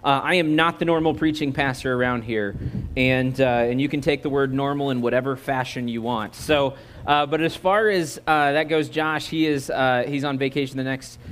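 A man's voice: medium pitch, normal speed, fairly bright tone, a little hiss or hum. An American man preaching a sermon as a guest preacher. He talks in a conversational, joking way and draws the congregation in. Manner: conversational, joking, audience-engaging. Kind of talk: sermon with opening prayer.

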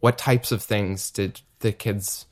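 A man's voice: lowish voice, steady tone, takes it slowly. A young man chatting casually as a podcast guest, peppering his speech with "like". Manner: casual, many "like" fillers. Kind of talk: casual conversation.

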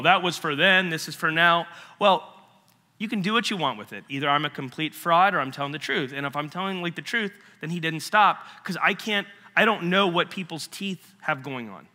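Male preacher, bright and slightly high voice, storytelling sermon, hall reverb. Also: fairly quick. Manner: storytelling, acts out both sides of a dialogue.

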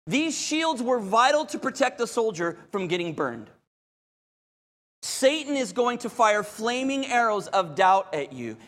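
A man preaching a sermon as pastor, dramatic, moving between loud urgency and hushed calm. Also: very high voice. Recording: long hall reverb.

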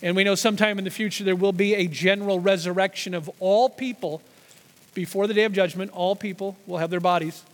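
Man, pastor, high voice, teaching sermon, long reverb of a church hall. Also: fairly even intonation, a little fast. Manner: teaching, explaining scripture with restarts and emphasis.

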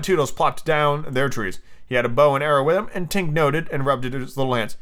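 A man hosting a casual podcast, reading a children's novel aloud and chatting excitedly about it. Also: mid-range voice, fairly quick, hardly any pauses. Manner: animated, chatty, reacting loudly to the story. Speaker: podcast host.

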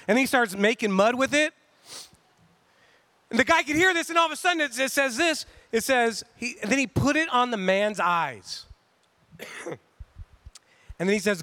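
A man preaching a sermon in a casual, conversational way, acting out quotes with animated asides. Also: very high voice, moderate pace, long pauses, dry recording. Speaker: pastor.

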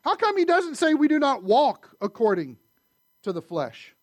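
A man preaching a sermon, animated, swinging from loud emphasis to quiet asides. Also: very high voice, moderate pace, dry recording. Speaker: pastor.

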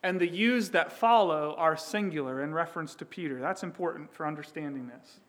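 High-voiced emphatic male preacher. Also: fairly quick, a bit bright. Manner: emphatic preaching, voicing quoted figures. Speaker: pastor. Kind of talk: sermon.

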